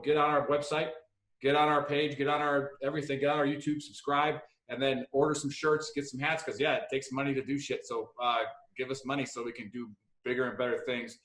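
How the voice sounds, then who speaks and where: In an echoey room, a man with a mid-range, fairly bright voice hosts a casual podcast. He rambles and jokes, swearing often.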